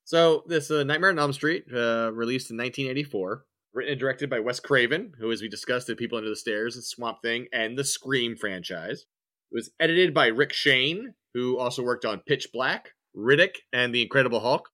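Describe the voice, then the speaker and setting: A man's voice: mid-range voice, fairly quick. A man co-hosting a horror podcast, steadily reading out film credits and laughing along with his co-hosts. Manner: steady listing, with frequent laughs. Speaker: podcast co-host. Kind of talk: reading production credits in casual chat.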